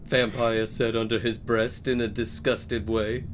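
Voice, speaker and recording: A man doing a comedic dramatic reading in an expressive, theatrical manner. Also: mid-range voice, measured pace, hardly any pauses, faint music behind.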